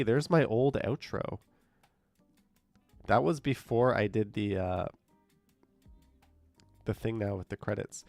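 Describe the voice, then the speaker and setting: This man, indoors on a live stream, reads viewer comments and replies casually, his voice nasal and stuffed-up from a cold. He speaks low with vocal fry, and there's no echo.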